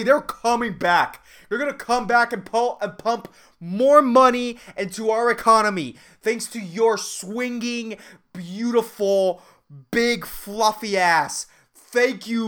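A man from Puerto Rico rants through a comedy podcast monologue, swearing freely and sounding fed up. His pitch swings up and down as he builds the bit, with a loose, animated delivery. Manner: profane, animated, exasperated. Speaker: podcast host. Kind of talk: comedic rant.

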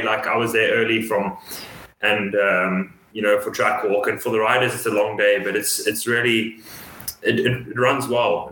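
A man with a Dutch accent chatting eagerly as a co-host, full of "like" and quick restarts. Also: on the low side, bright, forceful tone. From Netherlands. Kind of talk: casual chat. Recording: roomy echo.

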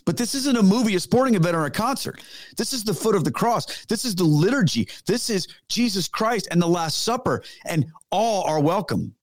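A man's voice: high-pitched, big pitch swings, normal speed, dry recording, clean studio sound. Earnest middle-aged man telling stories. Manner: earnest and emphatic, casual slang. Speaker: podcast guest, former pastor. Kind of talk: conversational storytelling.

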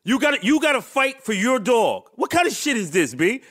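A man's voice: very high voice, big pitch swings, a little fast, fairly bright tone. A man co-hosting a podcast, answering with short slangy reactions in casual chat. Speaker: podcast co-host.

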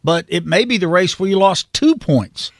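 A man with a somewhat high voice breaks down the racing season for a radio show, talking steadily and walking listeners through the standings. His voice is close and dry, with no room around it. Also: normal speed, creaky, no echo. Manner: steady, explanatory, knowledgeable. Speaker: motorsports reporter. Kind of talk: sports analysis on a radio call-in segment.

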